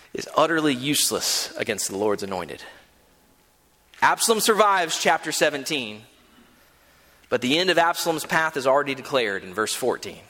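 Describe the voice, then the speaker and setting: Lively, animated preacher in an echoing sanctuary. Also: male voice, on the high side. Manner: animated storytelling with frequent stammered repeats. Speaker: pastor. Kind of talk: sermon.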